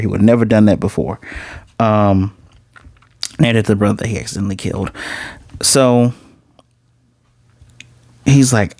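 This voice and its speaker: A man casually recapping and reviewing an anime episode, animated, slipping into quoted dialogue as he retells scenes. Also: lowish voice, vocal fry, no echo, studio quality.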